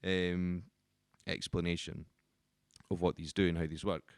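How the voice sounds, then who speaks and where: A man who works as a guitar teacher, explaining the instrument in a relaxed, casual way with frequent ums and restarts. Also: deep voice, a little slow, clear, resonant tone, no room sound, clean studio sound.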